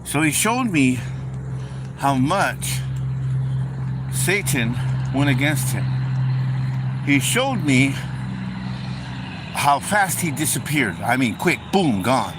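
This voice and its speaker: A male preacher talks through a relaxed, informal sermon, circling back over his phrases and calling his listeners folks. He takes his time, and his pitch rises and falls with lively expression. A constant hum of background noise sits under the recording. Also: takes it slowly, pauses often. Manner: conversational, repeats phrases, addresses listeners as folks.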